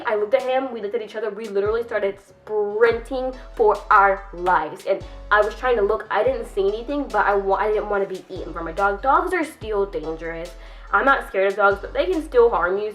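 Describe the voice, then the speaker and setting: A woman's voice: fairly high pitch, fairly bright tone. A young woman vlogger telling a casual storytime, rambling and filling her sentences with "like". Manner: rambling, heavy use of "like". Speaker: YouTuber.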